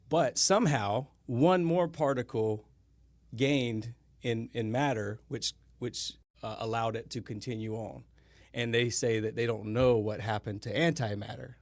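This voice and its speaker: A man's voice: mid-range voice, no echo. Rambling podcast guest, a man, dry sound. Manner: rambling, often corrects himself. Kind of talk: casual conversation.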